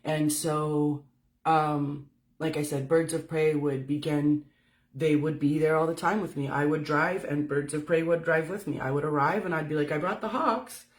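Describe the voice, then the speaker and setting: A woman's voice: low voice, level tone, moderate pace. Candid, swearing woman telling her story. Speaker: spiritual speaker. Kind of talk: casual livestream talk. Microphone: phone.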